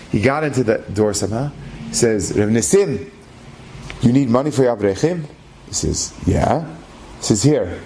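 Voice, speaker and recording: A man tells a story as a rabbi. He voices each character animation. His voice is mid-pitched, and faint noise sits under the recording. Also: darkish tone. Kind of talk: storytelling talk.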